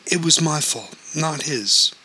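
A man's voice: fairly high pitch, animated, takes it slowly, sharp tone, slightly rough, voice pushed up, full character voice, poor audio. A man voicing a guilty young woman, shaky and apologetic, pleading with her cousin. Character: guilty, shaken young woman caught in an affair.

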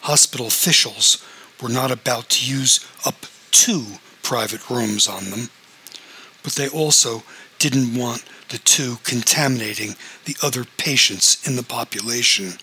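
Man, audiobook narrator, steady reading, bright tone, breathy edge. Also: medium pitch, a little slow, low-quality recording.

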